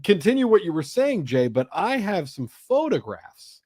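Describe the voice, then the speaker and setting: A man's voice: sits high, big pitch swings, normal speed, a little mellow, breathy edge, no room sound, clean studio sound. A man co-hosting a casual podcast chat, teasing his co-host in a mock-formal way.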